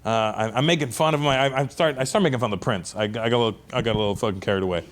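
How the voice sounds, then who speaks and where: Animated male stand-up storyteller. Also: medium pitch, racing, background noise. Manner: animated, acts out other people's lines. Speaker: stand-up comedian.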